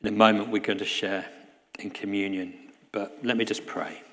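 A man preaching a sermon in a church, earnest, often dropping to a soft hush. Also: fairly low pitch, fairly even intonation, moderate pace, big-room sound. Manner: earnest, drops to a soft hush at key lines. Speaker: guest preacher.

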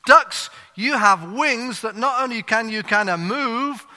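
A man voicing an excitable male duck preacher who stretches out his words as he rouses his flock. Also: extremely high pitch, pitched above the performer's own voice, full character voice. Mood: rousing. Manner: rousing, drawn-out preaching cries. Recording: long hall reverb.

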